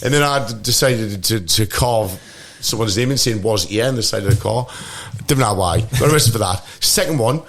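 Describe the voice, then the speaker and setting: A man's voice: fairly low pitch, normal speed, hardly any pauses, fairly bright tone. Rambling Geordie man telling stories. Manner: rambling, full of "like" and "mate", laughs through his stories. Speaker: podcast guest. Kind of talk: casual storytelling. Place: podcast studio.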